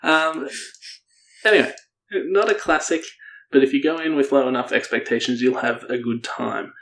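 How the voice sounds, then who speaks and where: A man co-hosting a casual podcast, reviewing a movie in a chatty, joking way with quick asides. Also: mid-range voice, fairly bright tone. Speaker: podcast co-host. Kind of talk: casual chat.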